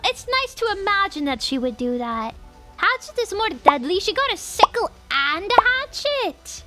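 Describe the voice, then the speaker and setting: A woman's voice: very high-pitched, bright, forceful tone. A young woman streamer giving playful, giggly commentary on a game, full of exclamations.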